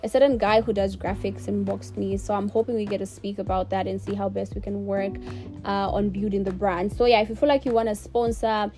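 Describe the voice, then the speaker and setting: A woman's voice: mid-range voice, little pitch movement, fairly quick, soft background music. A young woman hosting her own podcast who talks emotionally and effusively, laughing to hold back tears as she thanks her listeners. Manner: warm and effusive, repeats thanks. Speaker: podcast host. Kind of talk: casual solo podcast outro.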